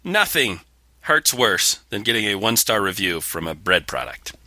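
A man's voice: lowish voice, very animated, moderate pace, pushed and bright, no room sound. A man co-hosting a podcast, chatting casually with a sarcastic, mock-indignant edge and reading out listener mail. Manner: reads listener mail aloud. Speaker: podcast co-host. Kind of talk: casual comedic chat.

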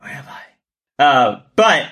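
A man co-hosting a podcast in casual comedic chat, joking and laughing, often jumping into a high exaggerated pitch. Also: sing-song, takes it slowly, bright, forceful tone. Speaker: podcast co-host.

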